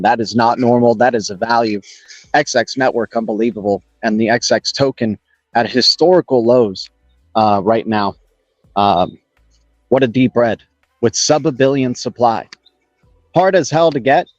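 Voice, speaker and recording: Using an external microphone connected to his phone, a man runs a relaxed crypto livestream from home in Los Angeles, rambling in good spirits and welcoming viewers by name. His voice is mid-range and a little mellow. The dry recording has a dull, lo-fi quality with music underneath.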